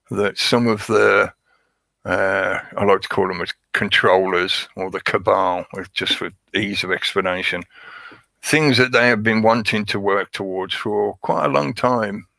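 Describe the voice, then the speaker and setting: A man's voice: on the low side, gravelly, bright, forceful tone, dry recording, rough recording. A man hosting a casual livestream, talking at length in a rambling way and greeting chat viewers by name. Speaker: livestream host.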